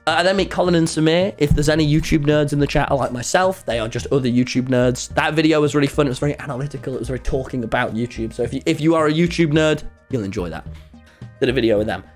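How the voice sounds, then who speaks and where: A young man streaming and telling a story to his chat in a jokey, excitable way, swearing and jumping into loud high shouts. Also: fast, faint music behind. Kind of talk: casual storytelling to a live chat.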